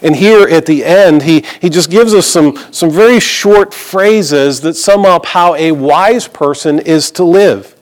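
Man preaching, slightly high-pitched voice, conversational sermon, personal stories, dry humor. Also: a little slow. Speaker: pastor.

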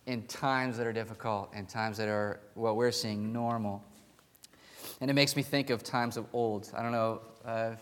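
In a church sanctuary with pews, a male pastor with a mid-range, slightly bright voice preaches a conversational sermon. He tells a story, restarting lines and chuckling, and the recording carries long hall reverb.

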